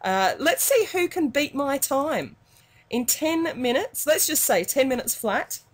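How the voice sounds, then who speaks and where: An Australian woman with a slightly high voice talks her viewers through a game. Her commentary is casual and chatty, and she bursts into excited exclamations at what happens on screen. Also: unhurried. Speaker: gaming YouTuber.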